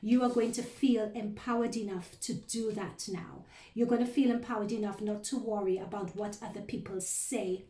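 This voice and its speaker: A woman reads tarot for her viewers in a soft, mellow voice, talking earnestly and drifting from point to point. She sits some way back from the mic, and the room adds a noticeable echo. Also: mid-range voice. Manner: earnest, rambling, addresses listeners as "you guys". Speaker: tarot reader. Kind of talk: recorded tarot reading addressed to viewers. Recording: roomy echo, voice distant from the mic.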